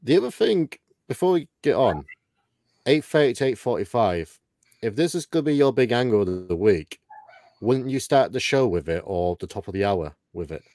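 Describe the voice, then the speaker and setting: A man from the UK co-hosting a casual livestream, matter-of-fact and quick to chuckle. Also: mid-range voice, big pitch swings, darkish tone, no room sound, studio quality. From United Kingdom. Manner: matter-of-fact, chuckles often, light swearing. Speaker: co-host. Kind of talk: casual livestream chat, reading out ratings.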